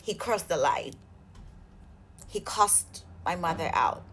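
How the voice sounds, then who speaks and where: Husky woman venting a storytime. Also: lowish voice, slow. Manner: animated, exasperated retelling with swearing. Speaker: vlogger. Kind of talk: storytime vlog.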